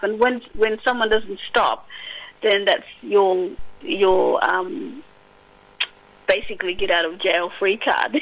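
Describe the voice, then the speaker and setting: A woman's voice: mid-range voice, fairly even intonation, takes it slowly, rough recording. An Australian woman from Western Australia, a poet reading her own verse and then chatting hesitantly, with many fillers, as a guest on an interview show. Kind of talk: poetry reading and casual interview chat.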